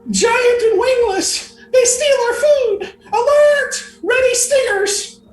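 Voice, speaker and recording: A man voicing a tiny, agitated female honeybee who yells alarms at giant thieves. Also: takes it slowly, echoey room. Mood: alarmed. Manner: shrill, frantic, yelling alarms.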